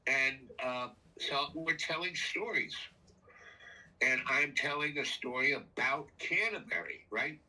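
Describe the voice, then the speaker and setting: An older man spins a meandering personal yarn, jumping back and forth in time. His voice is husky with a very bright edge. He sounds a little distant from the microphone. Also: mid-range voice, lively intonation, unhurried. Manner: meandering, jumps around in time. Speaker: storyteller. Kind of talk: rambling personal anecdote.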